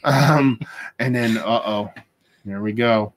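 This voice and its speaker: A man's voice: medium pitch, lively intonation, moderate pace, background noise. A young man co-hosting a beer tasting livestream, chatting casually with a joking, rambling, foul-mouthed manner.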